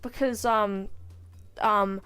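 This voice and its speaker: A woman's voice: medium pitch, steady tone, extremely slow, fairly bright tone, clear, resonant tone. A woman casually commenting over gameplay, rambling and joking with mock boasts and internet slang aimed at her chat. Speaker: gaming video host.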